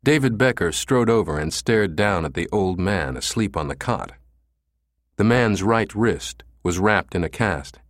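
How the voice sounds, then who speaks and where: A man reading an audiobook thriller in steady, measured scripted narration. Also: low voice, no room sound, studio quality.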